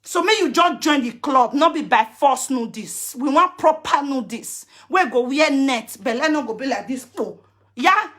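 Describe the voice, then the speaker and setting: Nigerian woman, high bright voice, hurls threats and curses in a live rant. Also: expressive, moderate pace. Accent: Nigerian Pidgin. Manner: combative, cursing, threatening; switches into chanted curses. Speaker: social media personality.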